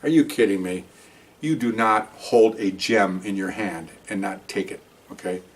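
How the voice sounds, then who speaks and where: A man's voice: on the low side, moderate pace, distant mic. An older man, a detective, telling a story in a casual, rambling way, with restarts and quoted dialogue. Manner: conversational, rambling, with many restarts and acted-out quotes.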